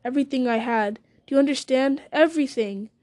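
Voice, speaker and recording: Give me a woman voicing a weary young male hobbit, halting and anguished, in a warm higher voice. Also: close to an everyday voice. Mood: despairing.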